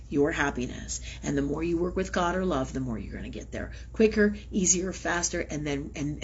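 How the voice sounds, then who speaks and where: A woman's voice: mid-range voice, dull audio, slight background noise. A woman hosting a live spiritual talk show, telling a story casually with lots of swearing and laughter. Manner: profane, laughing storyteller, animated.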